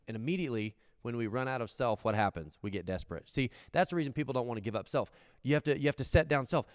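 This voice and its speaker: A man preaching a sermon as a pastor, in earnest, swinging from hushed low lines to raised ones. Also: quick pace, hardly any pauses, clean tone. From United States. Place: church.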